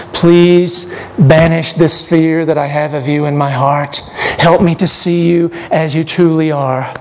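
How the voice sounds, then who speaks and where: A man preaching a sermon, building to emphatic repeated appeals, then leading an altar call and prayer. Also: fairly high pitch. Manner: slow, with rising emphatic repetitions.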